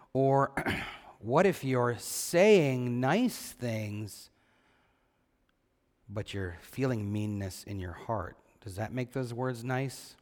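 A man, a pastor, reads a scripture passage and then gives a children's sermon. He asks the kids questions and answers them himself, and he slows down on the key points. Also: on the low side, big-room sound. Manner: slow and deliberate on key points.

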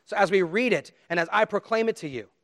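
A middle-aged pastor delivering a sermon in an earnest, pleading way. His voice sits a little high for a man. He swings from loud, pressing emphasis down to quiet appeals. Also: lively intonation, fast talker.

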